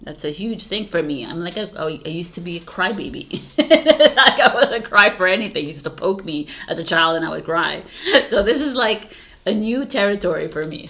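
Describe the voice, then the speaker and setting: Woman with a low voice, rambling chat. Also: gravelly, fairly bright tone. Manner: rambling, filler-heavy, laughs often. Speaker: tarot reader. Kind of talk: casual spiritual monologue.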